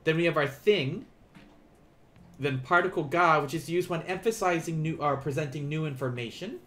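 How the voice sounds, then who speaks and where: A man teaching a beginner Japanese lesson on a live stream, explaining in a relaxed, chatty way with many fillers and restarts. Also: fairly high pitch, normal speed, a little hiss or hum.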